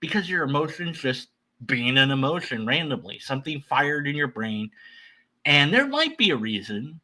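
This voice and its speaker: Rambling male commentator with a bright voice, loose and conversational. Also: fairly high pitch, very animated, moderate pace, rough recording. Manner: rambling, many restarts and asides. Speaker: reaction commentator. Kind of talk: casual reaction commentary.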